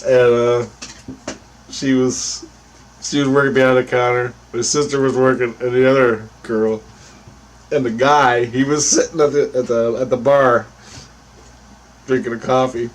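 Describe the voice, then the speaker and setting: A man's voice: medium pitch, level tone, a little slow, long pauses. A man casually telling a story, rambling with restarts, swearing freely and often breaking into laughter. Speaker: storyteller vlogger.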